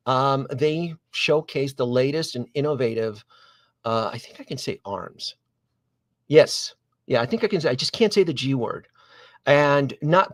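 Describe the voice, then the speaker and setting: The host of a collectibles live stream, a man with a medium-pitched voice, tells a long story in a casual, rambling way. He is animated and digressive, restarting often and making frequent asides to viewers. The recording is dry.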